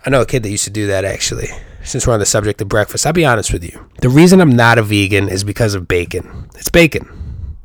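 A young man hosts a solo podcast, talking in a fairly low voice. He riffs loosely and profanely, tossing out rhetorical questions. The sound is dry and close, with no room around it. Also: expressive, fast, no echo. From New York. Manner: rambling, profane, jokey riffing with rhetorical questions. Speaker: podcast host. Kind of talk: casual solo podcast monologue.

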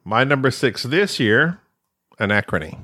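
A man's voice: medium pitch, very animated, normal speed, pushed and bright. A man co-hosting a podcast about board games, chatting casually and cracking puns. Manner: jokey, punning, laughs often. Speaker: podcast co-host.

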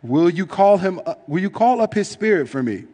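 A man's voice: sits high, lively intonation, moderate pace, mellow, big-room sound, voice pushed up. A man voicing a desperate king pleading with a medium during a scripture reading.

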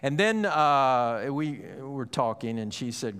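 A man's voice: mid-range voice, lively intonation, takes it slowly, hardly any pauses, fairly bright tone, smooth. A pastor in his fifties preaching a sermon, telling a family story in a loose, conversational way with many fillers, then rising into urgent encouragement. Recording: long hall reverb.

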